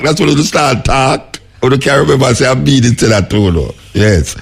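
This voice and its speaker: A man with a Jamaican accent who hosts a radio show and chats casually and animatedly, with a raspy voice, often laughing and repeating words. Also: mid-range voice, moderate pace, few pauses. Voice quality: raspy, gravelly. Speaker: radio host. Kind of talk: casual on-air chat.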